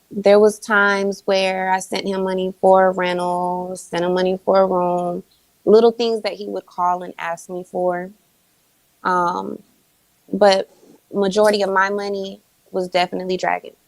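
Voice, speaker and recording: A woman's voice: mid-range voice, flat delivery, measured pace, dry recording, rough recording. A woman guest telling her account in casual chat, explaining steadily with frequent fillers. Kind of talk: casual storytelling.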